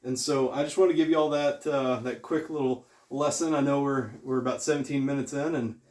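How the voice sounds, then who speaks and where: A man's voice: mid-range voice, steady tone, fairly quick, darkish tone. A man giving a casual video Bible lesson, conversational and emphatic, often repeating phrases as he explains. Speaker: Bible teacher. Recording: echoey room.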